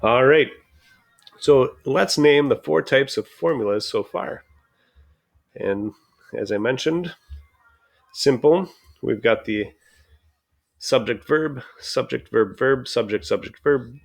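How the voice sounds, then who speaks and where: Male teacher for a grammar lesson video; slow, patient, pausing often, with a gravelly edge. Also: medium pitch, animated. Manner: slow, patient explaining with frequent pauses.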